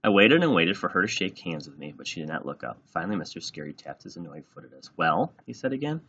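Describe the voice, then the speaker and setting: Man, children's book read-aloud, low husky voice, lively, lo-fi. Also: quick pace. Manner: animated, plays out every line. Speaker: reader.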